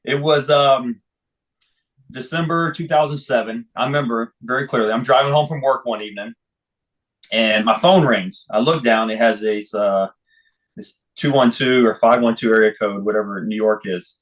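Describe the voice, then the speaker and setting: Guest: middle-aged man, average pitch, animated storyteller who acts out calls. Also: normal speed, poor audio. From Texas. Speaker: football official, guest. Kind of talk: storytelling interview.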